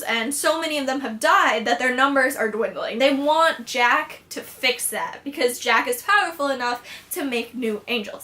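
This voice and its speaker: A woman's voice: sits high, bright, forceful tone. A young woman recapping a TV episode in a casual, chatty vlog, full of fillers and acted-out quotes. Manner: bubbly, chatty, frequent "like" fillers, acts out quotes. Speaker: vlogger.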